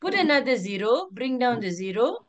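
A woman's voice: a little high, big pitch swings, a little fast, dull audio. Firm woman teacher. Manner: firm, repeats instructions, calls on pupils by name. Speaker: primary school teacher. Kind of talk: online class teaching.

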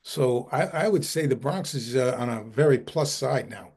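A man who heads a historical society gives a video-call book talk. He tells an animated anecdote and often repeats his words. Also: medium pitch, normal speed, breathy edge. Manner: animated, repeats words while telling a story.

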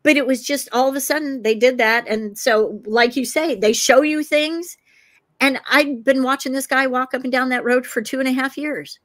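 An older woman from Iowa with a fairly high voice tells a story on a talk show. She is animated, acts out the dialogue and laughs often. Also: normal speed. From Iowa, USA. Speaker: guest, author and crime investigator.

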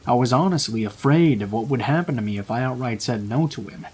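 Male horror narrator, husky and measured, rain in the background. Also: medium pitch, expressive, a little mellow. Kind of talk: scripted horror story narration.

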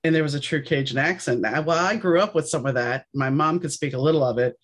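A woman's voice: sits low, quick pace, breathy edge. A woman from New Orleans with a New Orleans accent, hosting a podcast and chatting casually, telling stories and acting out what people said. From New Orleans, USA. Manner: animated storyteller, acts out quoted voices. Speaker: podcast host. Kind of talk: casual conversation.

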